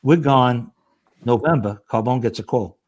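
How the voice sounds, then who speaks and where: Older man, New York accent, retired fire lieutenant, animated rambling storyteller, mid pitch. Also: unhurried, husky. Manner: animated storyteller who acts out quoted voices and rambles. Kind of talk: casual storytelling chat.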